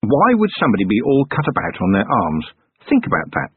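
A man's voice: medium pitch, huge pitch swings, a little fast, slightly rough, no room sound, full character voice. A man playing a dry, wry veteran police chief. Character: dry, seasoned male police chief, middle-aged. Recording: narrow phone-like band, dry.

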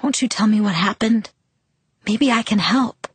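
A woman's voice: medium pitch, measured pace, slight background noise, voice pushed up, close to an everyday voice. A woman reading the lines of a hurt, defiant teenage girl who presses for answers. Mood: upset.

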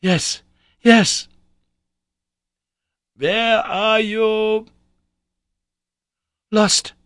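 A man's voice: a little high, normal speed, dry recording, clean studio sound, voice pushed up. A man voicing a young man lost underground who talks urgently and pleadingly. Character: young man lost in a cave, weak and anxious.

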